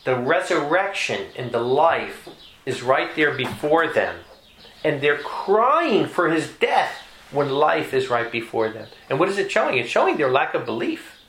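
A man preaching a sermon with emphasis, repeating key phrases and climbing in pitch to stress a point. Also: very animated, a little slow, fairly bright tone, a little hiss or hum. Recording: echoey room.

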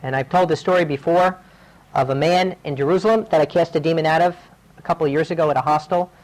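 A man's voice: a little high, steady tone, quick pace, a little mellow, poor audio. A male preacher giving a sermon, telling his own stories in an earnest, urgent way.

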